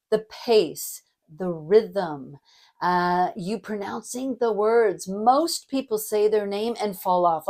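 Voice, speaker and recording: Speaking straight to camera in a mid-range voice, a middle-aged woman teaches public speaking like a seasoned coach guiding a learner through the steps. Her demonstrative delivery swings between bright, energetic hype and a softer, warmer, lower register.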